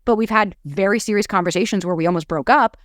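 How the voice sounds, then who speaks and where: A woman's voice: medium pitch, quick pace, no room sound, studio quality. A young woman on a podcast, a dating coach telling her own story in candid, casual talk that is peppered with swearing.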